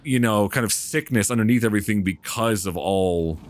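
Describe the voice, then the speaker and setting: A man's voice: fairly low pitch, moderate pace, slight background noise. A man commenting casually on a game, joking sarcastically and reading on-screen prompts aloud. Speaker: let's play gamer.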